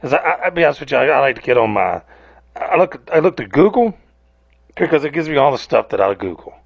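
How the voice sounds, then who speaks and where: A gravelly-voiced man rants casually, rambling and swearing as he jumps between topics. His pitch swings up and down a lot. The sound is close and dry, with no room around it. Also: very animated, quick pace, dry recording. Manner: rambling, profane, self-mocking. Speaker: podcast host. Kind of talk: casual rant.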